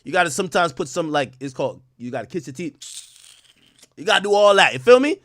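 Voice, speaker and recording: A young adult man hosting a stream on a close, dry microphone. His voice sits high and bright, and he swings it up and down with loud, profane reactions and frequent laughter. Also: big pitch swings, quick pace, no room sound. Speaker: streamer host. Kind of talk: casual commentary on a live stream.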